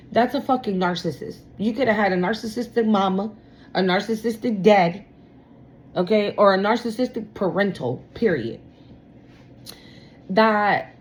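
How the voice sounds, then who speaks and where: A woman's voice: mid-range voice, a little mellow, a little hiss or hum, low-quality recording. A woman reading tarot in a loose, casual voice. She is blunt and heavily profane, and she leans into her points by repeating them. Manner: profane, emphatic and repetitive. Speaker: tarot reader.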